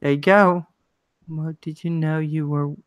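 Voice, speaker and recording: A woman's voice: sits low, steady tone, unhurried, dry recording. A woman livestream host with a Maryland accent, chatting casually, reading viewer comments and greeting people by name.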